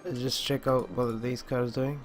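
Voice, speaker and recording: A man with a groggy morning voice giving casual commentary as he plays a city-building game, talking at an unhurried pace and often restarting his sentences. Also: medium pitch, little pitch movement, soft background music. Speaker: gaming channel host.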